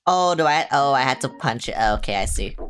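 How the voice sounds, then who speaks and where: A woman streamer talking through her gameplay live, excitable and quick to panic, swearing casually as she plays. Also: a bass voice, a little hiss or hum. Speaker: game streamer. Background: game music.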